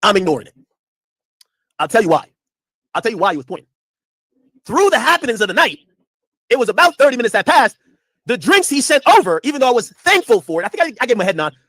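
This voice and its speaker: A man's voice: extremely high pitch, fast, pauses often, no room sound, studio quality. A man streaming casual commentary, telling a story in a loose, profane way and acting out the people in it. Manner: animated, profane, acts out quotes.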